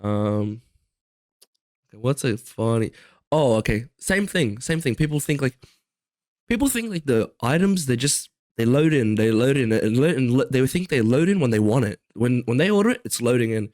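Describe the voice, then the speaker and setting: A man's voice: mid-range voice, sing-song, normal speed, darkish tone, dry recording. Rambling young podcast guy. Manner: rambling, lots of fillers and restarts. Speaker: podcast co-host. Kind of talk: casual chat.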